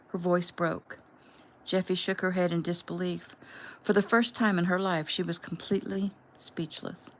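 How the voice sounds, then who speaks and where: A woman casually reading her own novel aloud at home in a plain, unhurried way. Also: on the low side, fairly even intonation, a little hiss or hum. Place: home room.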